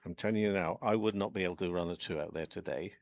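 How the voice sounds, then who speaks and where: A man from northern England giving cricket co-commentary, analytical and measured, often repeating his words as he thinks. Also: deep voice, creaky.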